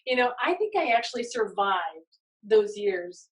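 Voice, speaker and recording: A middle-aged woman hosting a podcast, telling stories in a casual, animated way, laughing often and acting out quotes. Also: medium pitch, moderate pace, distant mic, rough recording. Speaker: podcast host. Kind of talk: casual storytelling chat.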